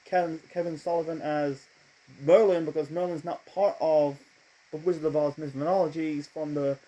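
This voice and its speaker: A man's voice: on the high side, steady tone, warm tone, dull audio. Rambling man reviewing old wrestling shows. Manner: rambling, self-correcting, blunt; talks fast at times. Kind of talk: casual rambling review monologue.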